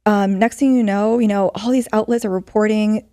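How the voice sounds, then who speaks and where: Woman, middle-aged, podcast guest, earnest storytelling, mellow tone, dry sound. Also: medium pitch, normal speed, no echo. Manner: earnest, animated storytelling with many fillers. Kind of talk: storytelling in an interview.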